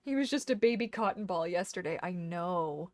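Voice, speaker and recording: A woman's voice: lowish voice, expressive, normal speed, darkish tone, dry recording. A woman chatting casually while streaming a game, slipping into doting baby talk to her dog. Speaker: gaming streamer. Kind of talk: casual gameplay chat.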